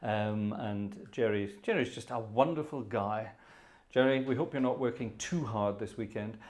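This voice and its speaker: A man's voice: fairly low pitch, normal speed, darkish tone. A man hosting a live organ music stream, chatting casually between pieces in a jovial, rambling way with chuckling asides, in a hot indoor room. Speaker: organist and livestream host.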